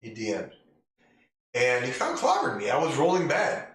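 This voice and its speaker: Blunt, forceful man in an echoey room. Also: medium pitch, wildly swooping pitch, moderate pace. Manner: blunt, emphatic rhetorical questions. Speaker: podcast host and dungeon master. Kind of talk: casual opinion monologue. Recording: very echoey room, distant mic, faint music.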